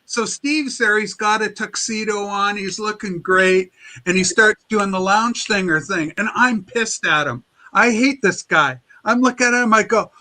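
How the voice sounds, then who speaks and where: A man hosting a casual chat show, telling lively anecdotes and acting out the quotes. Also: sits high, a little slow, poor audio. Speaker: show host. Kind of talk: casual chat, animated storytelling.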